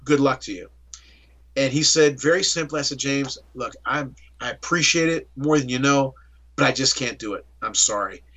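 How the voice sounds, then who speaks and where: A muffled recording captures a middle-aged man from the Pittsburgh area speaking in a mid-range voice at a moderate pace. As the interview guest, he shares his story animatedly and acts out the dialogue.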